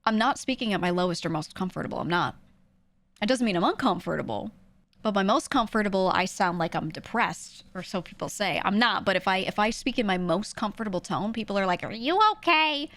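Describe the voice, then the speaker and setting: A woman streamer chatting casually with her viewers, talking quickly and lightly projecting her voice for the mic. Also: medium pitch, a bit bright. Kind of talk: casual chat answering a livestream chat.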